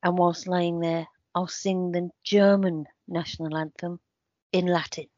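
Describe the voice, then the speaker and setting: Deadpan woman, lowish voice. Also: unhurried, dry recording. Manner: deadpan, absurd humour. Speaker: podcast co-host. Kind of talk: casual chat. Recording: dry, slightly dull sound.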